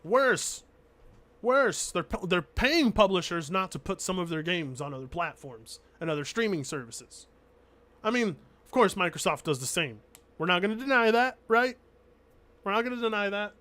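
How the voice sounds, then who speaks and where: A male streamer with a high, bright voice talks back at a video he is watching. His commentary is casual and argumentative. He hammers his points home by repeating them, and he swears freely. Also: lively intonation, moderate pace.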